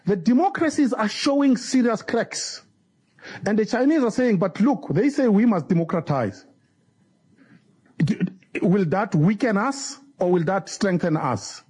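Husky man giving an emphatic talk. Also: sits high, expressive, measured pace, darkish tone. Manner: emphatic, digressive. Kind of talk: speech clip.

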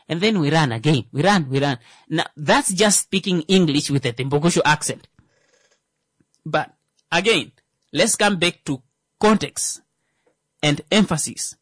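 A man's voice: high voice, animated, a little slow, fairly bright tone, dry recording. Man, 30s, rambling comic talker, dry close mic. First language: Thimbukushu. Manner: rambling, many fillers and restarts. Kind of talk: casual comedic monologue.

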